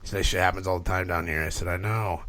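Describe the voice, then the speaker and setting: A man's voice: low-pitched, rapid-fire. A man, a podcast guest, telling a long, rambling story in casual chat, swearing freely and filling gaps with "like" and "you know". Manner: profane, rambling, animated retelling with filler words.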